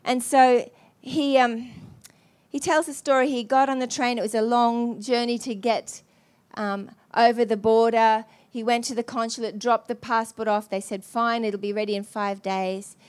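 A woman preacher telling a story in an earnest, halting way, with many restarts. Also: on the high side, level tone, a little mellow. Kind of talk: sermon storytelling.

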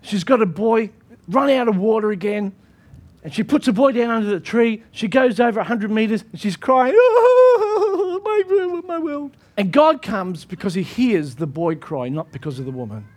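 A man's voice: high voice, animated, moderate pace. A man pastor preaching a sermon in an emphatic style, often repeating his phrases.

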